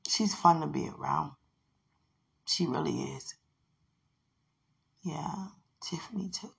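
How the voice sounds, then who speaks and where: A woman's voice: low voice, slow, vocal fry, husky. A woman host talking casually in a podcast monologue, telling chatty stories. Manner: chatty storytelling with laughs and sudden shouts.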